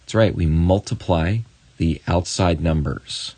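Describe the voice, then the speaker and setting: A man teaching a math lesson on video, encouraging and talking straight to the student with quick asides. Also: sits low, warm tone, slightly rough, no echo.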